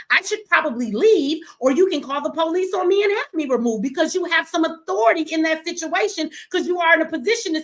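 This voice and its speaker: A woman hosting a call-in show, arguing forcefully and profanely with a caller. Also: high voice. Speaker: host. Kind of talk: heated call-in debate.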